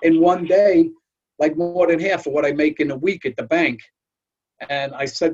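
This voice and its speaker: A man's voice: on the high side, moderate pace, darkish tone, husky. An older man hosting a talk, telling folksy anecdotes and often repeating words as he goes. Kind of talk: storytelling chat. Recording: dull lo-fi audio.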